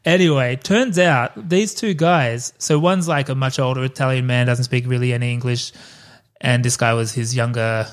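A man's voice: medium pitch, moderate pace. A man, co-hosting a podcast and telling stories casually, with swearing and asides. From Australia. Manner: loose storytelling with swearing and asides. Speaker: podcast co-host. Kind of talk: casual chat.

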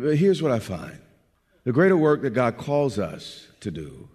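Husky-voiced preacher in a reverberant church. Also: male voice. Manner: building from low, quiet delivery to loud, shouted preaching. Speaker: pastor. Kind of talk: sermon.

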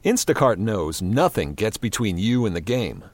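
A man reading a scripted commercial in a smooth, steady way. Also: fairly low pitch, moderate pace. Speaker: ad voice-over.

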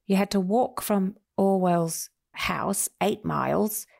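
Woman author with a gravelly voice. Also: medium pitch, takes it slowly, a little mellow. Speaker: author and interview guest. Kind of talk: relaxed storytelling in conversation.

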